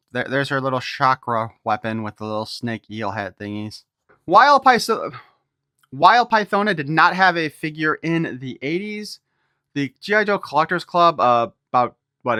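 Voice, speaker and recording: A man's voice: medium pitch, sharp tone, no echo, studio quality. A man giving a casual toy unboxing review, reading a file card aloud and breaking off for irreverent wisecracks.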